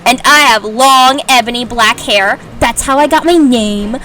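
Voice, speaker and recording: A woman's voice: fairly high pitch, bright, forceful tone. A woman reading as a melodramatic goth teen vampire. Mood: dramatic. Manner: over-dramatic, slow reading. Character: melodramatic teenage goth vampire witch girl.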